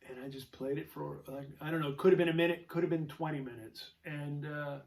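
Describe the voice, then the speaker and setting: A man's voice: on the high side, steady tone, brisk, gravelly, darkish tone, recorded from a distance. A man hosting his own show, telling a rambling story in a casual, chatty way with many fillers and restarts. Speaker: show host, jazz guitarist.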